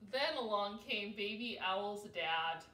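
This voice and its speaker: Woman librarian, baby storytime, slow and sing-song, echoey and off-mic. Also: mid-range voice, animated, sharp tone. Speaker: children's librarian. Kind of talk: storytime read-aloud for babies. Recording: roomy, from a distance.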